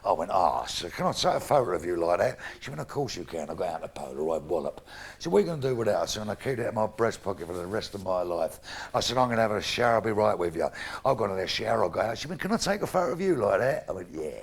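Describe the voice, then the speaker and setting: A man's voice: lowish voice, very animated, rapid-fire. A middle-aged man with a London Cockney accent doing live stand-up, brash and crude, swearing freely and acting out both sides of his stories. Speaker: stand-up comedian. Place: stage in front of a live audience. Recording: noisy live stage recording.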